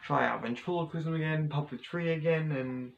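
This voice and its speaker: Man, vlogger, gravelly fry, hesitant rambling, casual storytelling. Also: a little high, normal speed, highs cut off, a little hiss or hum. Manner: rambling, hesitant, many restarts and fillers.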